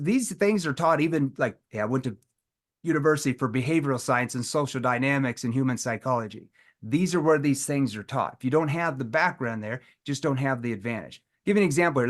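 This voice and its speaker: A man leads a sales training, his voice a touch high for a man. He talks loosely with lots of fillers and keeps slipping into playful little quotes to show his technique. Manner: animated, acts out playful quotes. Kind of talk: live sales training talk.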